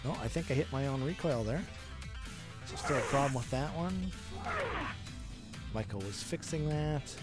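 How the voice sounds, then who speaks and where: A man's voice: medium pitch, animated, normal speed, long pauses. A man who develops games, casually talking through a test play of his own game and thinking aloud as he goes. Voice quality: chatty, thinking aloud with restarts. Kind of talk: casual gameplay commentary. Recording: music playing behind.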